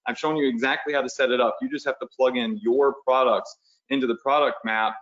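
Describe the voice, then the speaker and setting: A man's voice: mid-range voice, steady tone, a little fast, fairly bright tone, dull audio. A man hosting a live webinar as an online business coach, talking in a casual, pushy, motivational way and often checking in with the audience.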